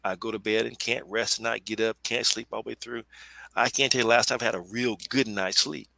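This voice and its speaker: Earnest middle-aged man, bright dry voice. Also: mid-range voice, steady tone, creaky, no room sound, rough recording. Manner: earnest, halting, emotional. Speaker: panelist. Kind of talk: personal testimony in a webinar.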